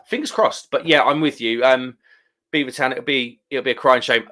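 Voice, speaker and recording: A man's voice: mid-range voice, normal speed, sharp tone. A middle-aged man hosting a casual live stream, reading viewer comments aloud and chatting back about them. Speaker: livestream host.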